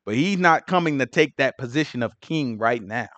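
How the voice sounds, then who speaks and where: A man teaching the Bible in a casual, slangy style with animated asides. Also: medium pitch, moderate pace, no room sound.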